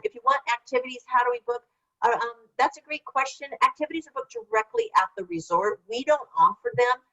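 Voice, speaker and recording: Her voice is high, gravelly and sharp-toned, an older woman running a webinar workshop online. She rambles in a casual manner, fielding typed questions as she goes, over slightly dull, lo-fi call audio.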